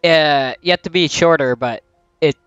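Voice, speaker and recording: A man's voice: on the high side, normal speed, a bit bright, clear, resonant tone, no room sound, dull audio, soft background music. A young man chatting casually while playing a game with a friend, directing him and laughing often. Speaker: gamer.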